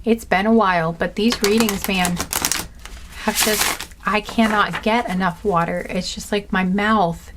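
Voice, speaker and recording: A woman's voice: mid-range voice, fairly even intonation, measured pace, background noise. A woman with a dry throat giving a casual pick-a-card tarot reading, rambling with lots of fillers and laughing at her own slips. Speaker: tarot reader.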